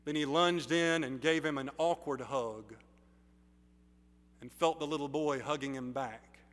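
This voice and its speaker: A male pastor preaching a sermon in slow, deliberate phrases with emphatic pauses, in a church sanctuary. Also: on the high side, fairly bright tone. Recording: reverberant sanctuary hall.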